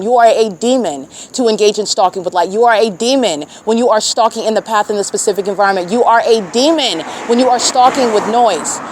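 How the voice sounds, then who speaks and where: A woman's voice: on the high side, slight background noise. A woman giving an impassioned religious monologue, emphatic and preachy, repeating phrases and firing rhetorical questions. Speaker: self-documenting vlogger.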